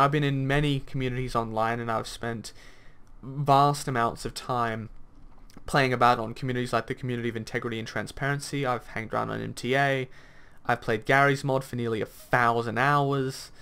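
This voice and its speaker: A man hosts a gaming commentary video, reacting in a rant where he argues bluntly, swears at times and rambles with plenty of fillers. His medium-pitched voice is clean and fairly bright.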